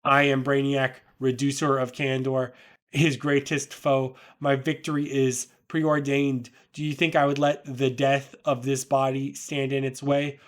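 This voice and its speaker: A man's voice: mid-range voice, level tone, unhurried, natural voice. A man voicing a cold, commanding male robot villain who speaks in formal, menacing pronouncements while reading a comic aloud. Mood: coldly calculating.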